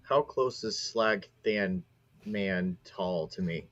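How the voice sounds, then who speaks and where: Real deep guy playing the game, blunt and sweary, dull lo-fi mic. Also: slow, a bit bright, no room sound. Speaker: player. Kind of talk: casual tabletop play.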